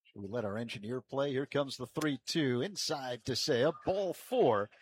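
A man with a husky voice calls baseball play-by-play from a booth at the ballpark. His pitch sits in the middle range and his tone is slightly breathy. He stays measured between pitches and rises with energy on each delivery. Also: expressive, dry recording. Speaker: play-by-play announcer.

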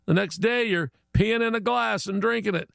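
A man voicing a blunt, exasperated neighbor bloke in a spoken joke, complaining loudly. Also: sits high, moderate pace, gravelly, no echo, studio quality, voice pushed up, full character voice. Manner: loud, incredulous complaining.

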